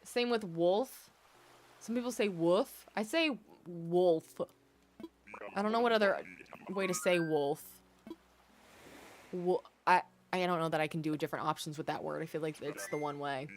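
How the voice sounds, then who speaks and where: A woman's voice: on the low side, moderate pace, long pauses, a little hiss or hum. A young woman from the American Midwest with a Midwestern accent, chatting casually with viewers while streaming a game and drawing out words for drama. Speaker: gaming streamer.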